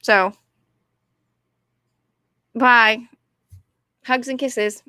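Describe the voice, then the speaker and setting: A woman's voice: fairly high pitch, steady tone, extremely slow, sharp tone, clean tone, no room sound, clean studio sound. A young woman, ranting casually and rambling, often apologizing and putting herself down. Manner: rambling, apologetic, self-deprecating. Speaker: vlogger.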